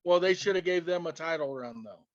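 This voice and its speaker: A man with a fairly high voice chats casually, starting haltingly before he gets his point out. His audio sounds dull and dry, without room sound. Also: lively intonation, dry recording. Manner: halting, restarting openings. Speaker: podcast co-host. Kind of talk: casual chat.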